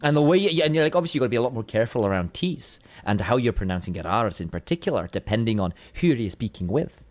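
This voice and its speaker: A man chats casually to viewers of a live stream during a break in the match broadcast. His pitch moves around a lot as he rambles, restarts sentences and doubles up words. Soft music plays faintly in the background. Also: lively intonation, fast talker. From United Kingdom. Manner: rambling, self-interrupting, repeats words. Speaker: esports co-caster.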